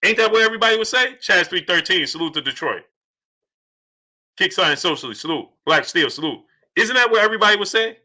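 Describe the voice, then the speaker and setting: A man hosting a boxing livestream, asking rhetorical questions over and over and giving shout-outs to the viewers in the chat. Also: high-pitched, expressive, brisk. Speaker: boxing channel host. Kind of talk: livestream commentary, reading chat.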